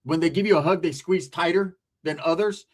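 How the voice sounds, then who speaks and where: Profane, high-voiced storyteller. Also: male voice, fairly quick. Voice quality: profane, slangy, animated. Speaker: comedic storyteller, channel host. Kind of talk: casual comedic storytelling.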